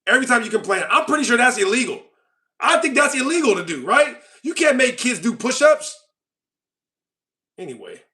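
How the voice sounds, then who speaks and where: A man's voice: very high voice, big pitch swings, moderate pace, long pauses, sharp tone. A young man hosting a casual livestream, ranting at and mocking his chat. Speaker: livestream host.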